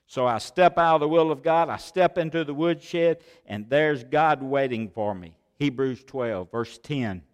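A man preaching a sermon as pastor, swinging between loud exhortation and hushed asides with many rhetorical questions. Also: medium pitch, unhurried, hardly any pauses. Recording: long hall reverb of a large sanctuary.

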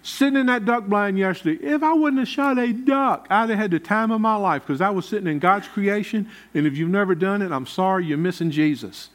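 A high-pitched man delivers a sermon. As the pastor, he preaches in a folksy, conversational manner, talking straight to the congregation. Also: a little fast, hardly any pauses.

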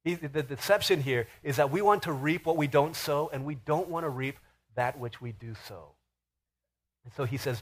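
A man preaching a sermon as pastor, telling stories in an animated, emphatic way. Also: mid-range voice, a little fast. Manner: animated storytelling with rising emphasis.

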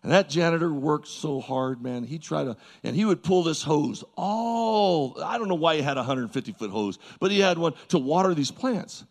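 A male preacher delivers a sermon to his congregation in a lively, folksy way, repeating his points for emphasis. His voice sits fairly high and carries a gravelly edge. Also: normal speed, few pauses. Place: church service before a congregation.

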